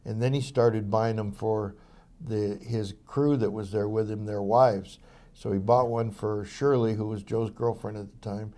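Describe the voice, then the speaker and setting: A mellow-voiced older man recounts his memories as an interview guest. He talks in loose, rambling sentences, full of fillers and false starts. His storytelling is relaxed and anecdotal. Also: lowish voice, unhurried. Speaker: interview guest, former police officer.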